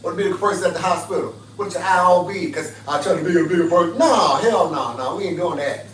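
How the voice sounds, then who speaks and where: A man's voice: high voice, fast talker, fairly bright tone, a little hiss or hum. A man hosting a livestream, giving advice in an emphatic, preachy way with repeated phrases and laughing asides. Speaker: livestream host. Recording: roomy, distant mic, faint ambience.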